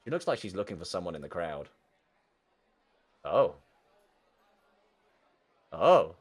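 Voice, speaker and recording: A man's voice: low-pitched, very animated, takes it slowly, breathy edge. A young man reading a visual novel aloud and reacting casually, often swearing. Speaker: game streamer. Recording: faint game music underneath.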